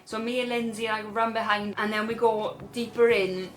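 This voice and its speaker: Speaking at normal speed with a slightly high, steady, fairly bright voice, a young woman with a Welsh accent rambles chattily through a story for her vlog audience. She addresses her viewers as guys in this casual storytime.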